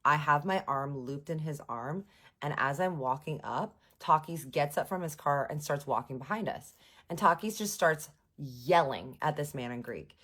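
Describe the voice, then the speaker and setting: A woman with a low voice tells a personal story in a casual vlog. She is sarcastic and animated, and she swears freely. Her delivery is lively, with quick asides and jokes. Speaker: vlogger.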